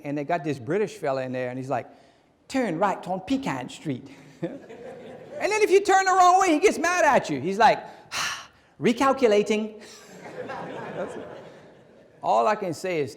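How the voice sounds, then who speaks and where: A man's voice: on the high side, a little mellow, big-room sound. A man with a Cajun accent doing folksy stand-up comedy as a keynote speaker, chatty and laughing at his own jokes. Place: large conference hall.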